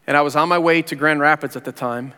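A man's voice: fairly high pitch, steady tone, fast talker, bright, forceful tone, smooth. Earnest man preaching in an echoing hall. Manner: earnest, conversational storytelling with casual slang. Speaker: pastor. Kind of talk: personal testimony sermon. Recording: long reverb of a large hall.

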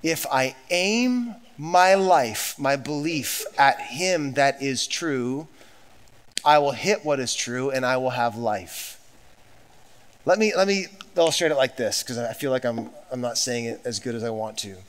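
A man's voice: medium pitch, animated, measured pace. A man preaching a sermon as pastor, emphatic and repetitive, with conversational asides to the congregation.

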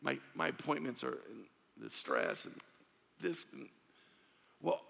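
In an echoey church sanctuary, a male pastor delivers an earnest, conversational sermon in a mid-range voice whose pitch swoops wildly. He speaks at a measured pace with vocal fry, long pauses, restarts, and soft drops.

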